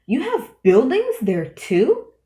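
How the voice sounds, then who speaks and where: A woman's voice: fairly high pitch, sing-song, slow pace. A woman voicing a kind, loyal male elephant who talks earnestly and pleads, read in a roomy room. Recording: roomy echo.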